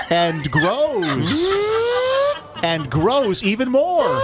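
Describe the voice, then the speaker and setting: A man hosting a morning radio show, reading a storybook summary aloud in a measured storytelling way and pausing for sound effects. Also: fairly high pitch. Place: radio studio.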